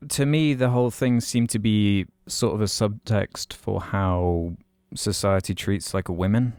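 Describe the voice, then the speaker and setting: A man's voice: lowish voice, a little slow, darkish tone, smooth, no echo, clean studio sound. A man co-hosting a podcast, talking earnestly and a little hesitantly about a film. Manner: hesitant, fillers and restarts, earnest. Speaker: podcast co-host. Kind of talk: casual film discussion.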